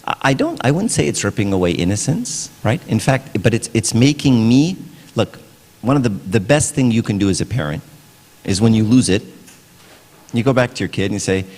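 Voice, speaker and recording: A man's voice: fairly low pitch, animated, brisk, a little mellow. A middle-aged man giving a casual parenting talk at church, conversational, often asking "right?". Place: church hall. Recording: long hall reverb.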